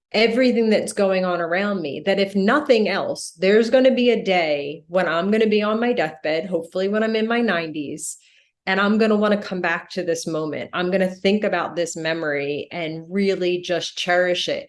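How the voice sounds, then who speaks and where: A woman in her forties, a death doula talking in a podcast interview, speaking earnestly and reflectively. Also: fairly low pitch. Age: 40s. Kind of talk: candid podcast conversation.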